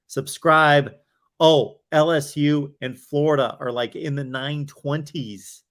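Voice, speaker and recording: Male livestream host, mid-pitched, tired and rambly, casual chat with a fading voice. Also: vocal fry. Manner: rambling, chatty, with fillers and self-asides. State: tired, voice wearing out. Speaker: host of a college football livestream.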